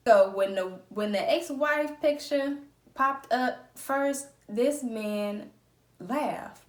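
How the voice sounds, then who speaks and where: A woman vlogger telling a story in a lively, profane storytime style. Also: sits high, a little slow. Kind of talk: storytime vlog. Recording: roomy echo.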